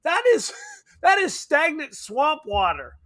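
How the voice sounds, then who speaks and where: A man co-hosting a podcast in casual chat, animated, laughing often and swearing casually. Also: extremely high pitch, slow pace. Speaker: podcast co-host. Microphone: remote podcast mic.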